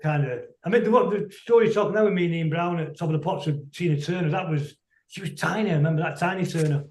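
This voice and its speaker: A middle-aged man, a musician telling rambling, anecdotal stories as a guest on a video call, quick to laugh. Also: a little high, a little mellow, echoey room. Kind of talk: casual storytelling interview.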